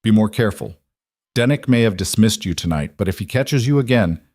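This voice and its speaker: A man's voice: on the low side, expressive, fairly quick, a little mellow, no echo, clean studio sound. A man voicing a grim, protective guard captain who speaks stern and clipped.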